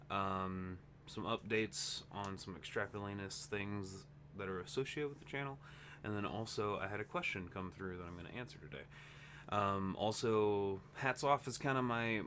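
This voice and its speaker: A man with a fairly low voice hosts a casual update vlog for his gaming channel. He sounds tired and rambles, often breaking off and restarting his thoughts. A faint hum sits under the recording. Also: a bit bright. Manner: rambling, self-interrupting, chatty.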